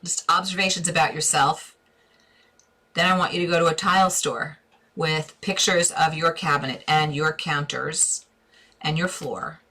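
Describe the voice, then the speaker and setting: A middle-aged woman hosting a live interior design Q&A, answering viewer questions in a chatty, encouraging way with bursts of excitement. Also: low voice. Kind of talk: casual live-stream advice.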